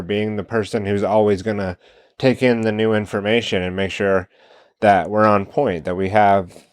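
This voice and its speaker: A man with a low voice hosts a solo commentary show. He talks casually and works through his points by asking rhetorical questions. The sound is dry and close, with no room around it. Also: a little mellow, no room sound. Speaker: podcast host.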